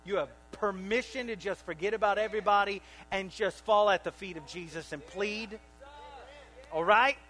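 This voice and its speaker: High-voiced man preaching with lively swings. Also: normal speed, poor audio. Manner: animated preaching, rising to loud bursts and dropping to quiet asides; asks the congregation questions. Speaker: pastor. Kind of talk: sermon.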